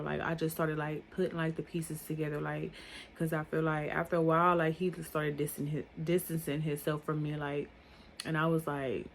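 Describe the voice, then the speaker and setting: A woman's voice: deep voice, fairly even intonation, a little fast, slight background noise. A young woman telling a personal story in a casual, rambling monologue, with many filler words and loose grammar. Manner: rambling, filler-heavy talk.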